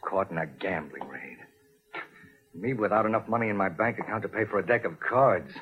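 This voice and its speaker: An actor playing an irritable, sarcastic husband in a 1940s radio soap, in a tinny old broadcast. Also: male voice, lowish voice, fast, close to an everyday voice. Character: exasperated grumbling male stage star husband.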